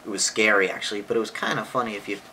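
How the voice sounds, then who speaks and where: A woman reading a picture book aloud to a child and explaining punctuation, patient and affectionate, with sudden high excited voices for exclamations. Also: racing, slight background noise, low-quality recording. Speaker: parent or relative reading to a child.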